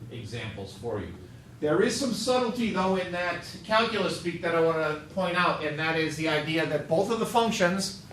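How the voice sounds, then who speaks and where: Guy teaching math to a class, kinda high voice, sounds far off in a really echoey room, little bit of hiss. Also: a bit bright. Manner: upbeat, questioning students, joking asides. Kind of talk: classroom lecture.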